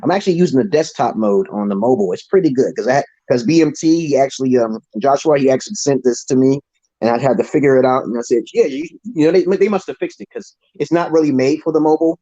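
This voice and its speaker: A man's voice: mid-range voice, animated, fast talker, mellow, dry recording. A man hosting a livestream in casual chat, rambling, profane and boastful, talking into his phone. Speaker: livestream show host. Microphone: phone, streaming from a mobile. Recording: dull lo-fi stream audio, dry.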